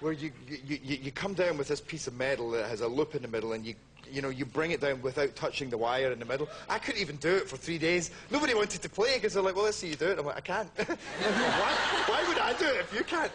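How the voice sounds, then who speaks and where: A Scottish man, a talk show guest, telling animated anecdotes, laughing through them, with many restarts and acted-out voices. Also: fairly high pitch, fast talker, hardly any pauses. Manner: laughs through his stories, stacks up restarts and acts out quoted voices. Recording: heavy background noise.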